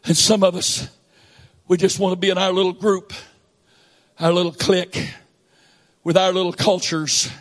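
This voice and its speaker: A man with a Southern US accent preaching a sermon, swinging between shouted lines and quiet asides. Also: high voice, flat delivery, normal speed, long pauses. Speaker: pastor.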